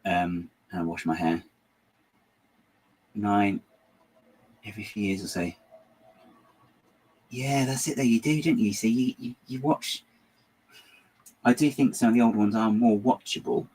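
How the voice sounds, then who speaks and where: A man's voice: lowish voice, a little slow, long pauses, darkish tone, husky, low-quality recording. A man hosting a building channel, chatting casually and rambling as he works, often trailing off and muttering to himself. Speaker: LEGO building channel host. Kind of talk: casual chat while building.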